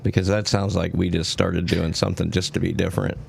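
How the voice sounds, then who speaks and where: A very deep, gravelly-voiced American man trades wisecracks in a relaxed livestream chat. His jokes are dry and teasing. A faint noise sits behind him. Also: a little fast. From United States. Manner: wisecracking, teasing with made-up place names.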